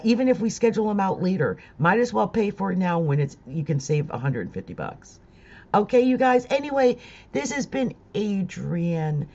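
A woman's voice: fairly low pitch, darkish tone, dull audio. A woman vlogging about astrology, talking casually and emotionally, rambling with laughs and close to tears. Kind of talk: casual monologue to viewers.

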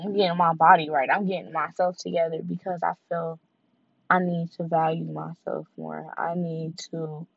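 Low-voiced woman, candid freestyle vlog. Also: vocal fry, no echo. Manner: candid, heartfelt, repetitive and conversational. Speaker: vlogger and podcaster. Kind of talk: casual freestyle monologue. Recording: dull lo-fi recording.

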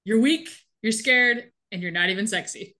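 A woman co-hosts a casual podcast chat, recapping a TV episode with animated energy and frequent laughs. Her voice is bright and sits fairly high. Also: normal speed. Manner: animated, laughs often while telling. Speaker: podcast co-host.

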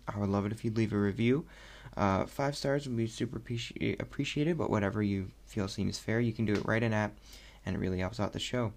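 Young male podcast host, low and gravelly, loose rambling chat full of fillers. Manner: rambling, animated, many fillers. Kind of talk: casual solo podcast chat.

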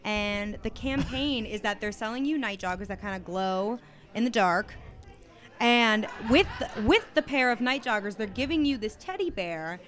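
A woman's voice: on the high side, animated, normal speed, a bit bright. Chatty, giggly woman voice actress. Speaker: producer and voice actress. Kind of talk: casual chat.

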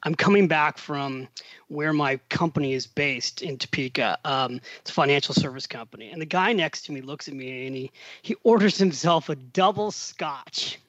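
A man's voice: on the high side, moderate pace, no echo, dull audio. A middle-aged man, a podcast guest, telling a long story in casual conversation and acting out the quotes. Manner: animated storyteller, acts out quotes.

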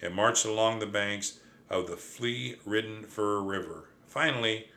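A man reading a children's storybook aloud in a lively, expressive way. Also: fairly low pitch, measured pace. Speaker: audiobook narrator. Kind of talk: storybook narration.

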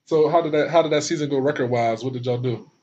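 A man interviewing a guest casually, with short questions and quick interjections. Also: mid-range voice, darkish tone. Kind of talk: casual chat. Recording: dull lo-fi sound.

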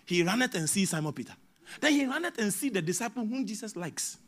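A man with a Ghanaian English accent preaching a sermon as a prophet, moving between hushed asides and shouted exhortation. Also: sits high, big pitch swings, fast.

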